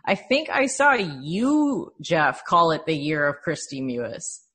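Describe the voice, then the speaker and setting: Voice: medium pitch, sing-song, takes it slowly, a bit bright, slight background noise. A panelist on a casual sports podcast, speaking with enthusiasm and light joking.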